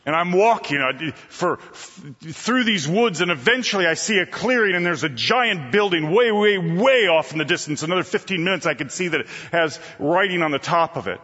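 A man preaching a storytelling sermon, swinging between loud bursts and hushed asides. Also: high-pitched, animated, moderate pace, hardly any pauses, long reverb tail, dull audio.

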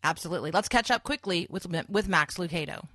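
A woman hosting a morning radio talk show, friendly and quick with some restarts. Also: fairly low pitch, expressive, fairly bright tone, faint music behind.

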